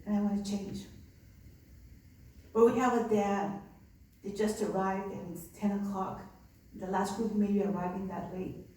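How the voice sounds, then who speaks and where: A woman's voice: mid-range voice, steady tone, moderate pace, warm tone. A nun telling stories of her migrant respite center in an earnest, conversational way. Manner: earnest, conversational with many fillers. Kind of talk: personal storytelling. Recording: echoey room from far off, faint ambience.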